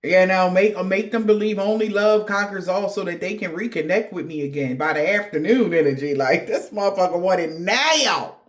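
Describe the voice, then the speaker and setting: A woman's voice: fairly low pitch, normal speed, few pauses. A woman giving a casual spiritual reading to viewers, blunt and profane, chatting with laughing asides. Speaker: tarot card reader.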